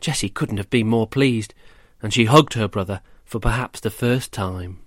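A man reading a rhyming children's story aloud, gentle and measured, then quizzing children about it. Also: fairly low pitch, no room sound, studio quality. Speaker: storyteller and host.

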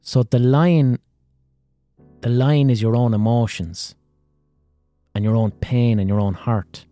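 A man's voice: medium pitch, steady tone, slow, dark tone, faint music behind. A man hosting a podcast, retelling a fable in a casual, profane, conversational way. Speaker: podcast host. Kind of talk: casual storytelling monologue.

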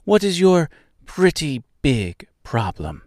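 A man voicing a tiny, proud female mouse queen in an audiobook, with a high, squeaky voice and grand, formal phrasing. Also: very animated, slow pace, a little mellow, dry recording, studio quality. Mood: haughty. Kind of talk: audiobook character voice.

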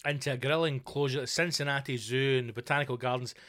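A man hosting a podcast, telling stories in a profane, animated comic rant full of mock outrage. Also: medium pitch, rapid-fire. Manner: swears constantly, mock outrage. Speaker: podcast host. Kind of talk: comedic rant.

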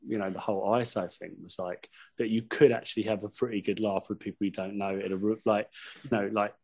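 A man's voice: lowish voice, level tone, quick pace. A man chatting as a podcast guest, rambling through anecdotes with lots of swearing and laughter. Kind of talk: casual chat.

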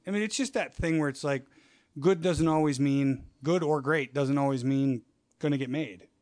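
A man telling show-business stories in a casual chat, animated, acting out quoted voices and swearing freely. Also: a little high, normal speed, dry recording.

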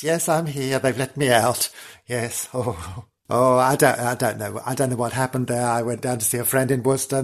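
A man's voice: mid-range voice, close to an everyday voice. A man voicing a hungover, scatterbrained middle-aged woman who giggles and rambles in a comic monologue.

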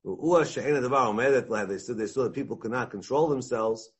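A man leads a Talmud lesson, moving between English and Hebrew and Aramaic quotes. His voice sits at an everyday middle pitch with a husky, slightly rough edge. He gets animated and plays out the voices in the text as he explains. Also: slow pace. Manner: animated, mixes Hebrew and Aramaic terms into English, acts out dialogue. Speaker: Talmud teacher. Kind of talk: Talmud class lecture.

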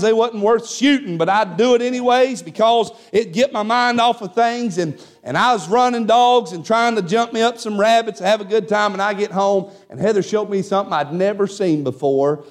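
A man preaching, his voice pitched high for a man. He tells a personal story and punctuates it with frequent amens. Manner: folksy Southern storytelling with frequent "amen". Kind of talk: sermon.

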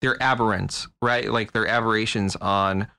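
A man's voice: fairly low pitch, fairly even intonation, moderate pace, creaky, sharp tone, clean tone, dry recording. Man musing aloud in a dry, close recording. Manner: thinking aloud, many fillers like "like" and "right?". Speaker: podcast co-host. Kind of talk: casual chat.

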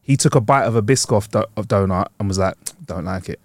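A man's voice: lowish voice, fast talker, no room sound. A young man, co-hosting a casual podcast chat full of slang and acted-out quotes. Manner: animated, slangy, acts out quoted speech. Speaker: podcast co-host.

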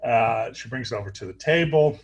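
A middle-aged man, a surgeon, telling stories in an interview, halting often with fillers and restarts. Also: medium pitch, lo-fi sound. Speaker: guest, neurosurgeon. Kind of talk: storytelling interview talk.

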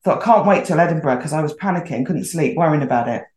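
A woman's voice: deep voice, lively intonation, fast talker, darkish tone. A middle-aged woman telling a story casually as a podcast guest, chatty and acting out the voices she quotes. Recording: roomy echoey sound.

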